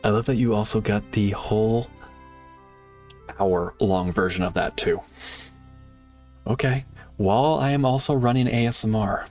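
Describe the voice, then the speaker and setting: A man streaming a game live, chatting casually with viewers and swinging from excited shouts to quiet muttering. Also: fairly low pitch, a little slow, long pauses, faint music behind. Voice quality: animated, laughs often, jumps between excited shouts and quiet muttering.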